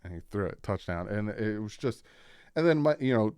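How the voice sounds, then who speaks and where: A young adult man hosting a casual sports reaction, telling the story in an animated way and acting out what people said. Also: on the low side, moderate pace, smooth, dry recording, studio quality. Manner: animated storytelling, acts out quotes.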